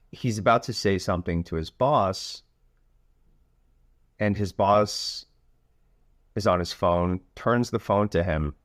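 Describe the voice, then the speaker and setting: A man who hosts a coaching podcast, telling a story in a relaxed way with frequent filler phrases. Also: deep voice, dry recording, studio quality. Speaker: youth soccer coach and podcast host.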